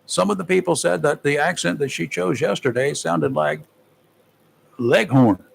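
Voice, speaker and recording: A man's voice: fairly high pitch, moderate pace, creaky, husky, low-quality recording. A man hosting a live talk radio show from a studio, giving casual commentary in a folksy, joking way with plenty of fillers.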